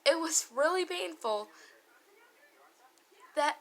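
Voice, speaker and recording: A woman's voice: sits high, lively intonation, slow, vocal fry, a bit bright, low-quality recording. A woman vlogger telling a personal story in a confessional, emotional way, candid and often swearing.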